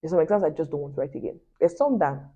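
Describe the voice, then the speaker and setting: A young woman tells a personal story straight to her viewers. Her voice sits low and mellow, and she keeps turning to the audience with chatty asides. The recording is dull and lo-fi. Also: very fast. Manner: chatty and animated, addresses viewers as guys, laughing asides. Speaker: vlogger.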